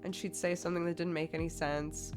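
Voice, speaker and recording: A woman's voice: fairly low pitch, level tone, fairly quick, music in the background. A woman streamer chatting casually with her viewers, telling a story with lots of "like" fillers and bursts of laughter.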